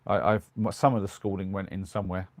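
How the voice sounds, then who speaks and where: A man's voice: deep voice, level tone, fast, no echo. A middle-aged man with a British accent, chatting casually on a live stream, rambling with lots of ums and restarts. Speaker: live streamer in his van. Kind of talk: casual live-stream chat reading comments. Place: small converted van at night.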